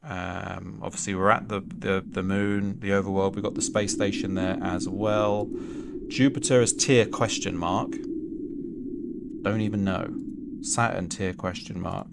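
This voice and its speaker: A man's voice: low-pitched, steady tone, a little slow, gravelly. A man streaming a video game, rambling and thinking aloud with lots of fillers, on a noisy recording. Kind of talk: casual let's-play commentary.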